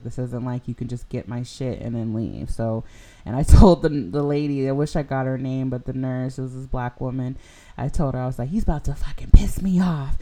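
Flat-voiced young woman telling a story. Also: a bass voice. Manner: rambling, heavy use of "like" and "you know". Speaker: podcast host. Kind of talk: casual personal storytelling.

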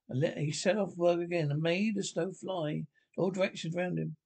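A man's voice: high voice, steady tone, normal speed, vocal fry, darkish tone, husky. A man reading a classic children's story aloud, with frequent stumbles and restarts. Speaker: narrator.

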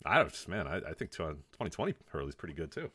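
A man's voice: very deep voice, big pitch swings, fast talker, bright, forceful tone, slightly rough, no room sound, studio quality. A man co-hosting a podcast in casual chat, laid-back and amused. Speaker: podcast co-host.

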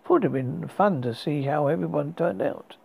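A man's voice: on the high side, moderate pace, gravelly, a little mellow, husky, voice pushed down, heavily acted. A man voicing a friendly, eager middle-aged man who is meeting an old classmate again, read in a horror story.

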